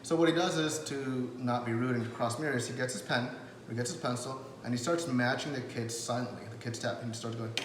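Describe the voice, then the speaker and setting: With a medium pitch and a brisk pace, the man delivers a casual lesson to camera about building rapport. He rambles chattily, with fillers, restarts and acted-out quotes. Background noise is present, and the room echoes with long reverb.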